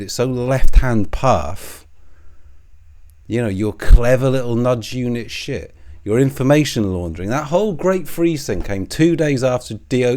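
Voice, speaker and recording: A man's voice: mid-range voice, a little mellow. A man delivering a profane, scornful, sarcastic political commentary rant. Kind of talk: ranting commentary.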